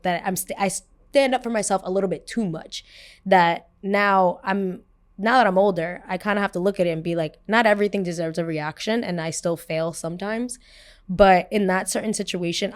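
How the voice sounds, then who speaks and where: A young woman hosting a podcast, telling a personal story in a casual, animated way, swearing freely and filling her talk with "like.". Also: lowish voice. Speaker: podcast host.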